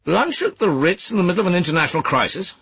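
A male narrator playing a stern older ex-officer official, clipped and commanding, voice pitched up and pushed loud. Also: big pitch swings, fast, husky, no echo, muffled recording, exaggerated voice. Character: stern older ex-soldier principal private secretary.

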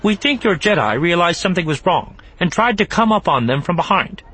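A man voicing an excitable, exasperated male alien detective with a shrill, warbling voice. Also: brisk, breathy edge, exaggerated voice.

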